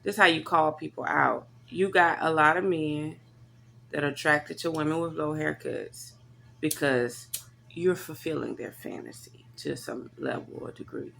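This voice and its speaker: Low gravelly-voiced woman ranting bluntly. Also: moderate pace, a little hiss or hum. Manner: blunt, profane, animated. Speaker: vlogger. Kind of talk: casual storytelling rant.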